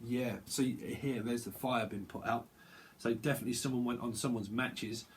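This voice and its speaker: A man reads tarot in a loose, rambling way. He talks at an ordinary middle pitch, restarts his sentences often and scatters fillers through them. Now and then he slips into short quoted voices. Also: steady tone, normal speed, slight background noise. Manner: acts out little quoted voices, bursts of laughter. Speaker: tarot reader. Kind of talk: casual livestream tarot reading.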